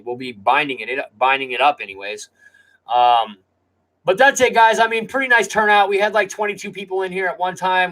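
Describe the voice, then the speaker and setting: Male live-stream host with a raised pitch; easygoing, rambling, chatty delivery. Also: fairly bright tone, rough recording. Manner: rambling, laid-back, chatty. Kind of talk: casual live-stream chat.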